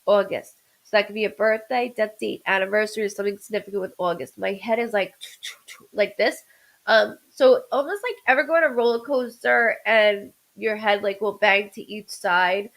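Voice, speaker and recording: A woman's voice: medium pitch, normal speed, a bit bright, rough recording. A woman doing a live-streamed psychic reading as a medium, rambling with stammered restarts and greeting viewers by name.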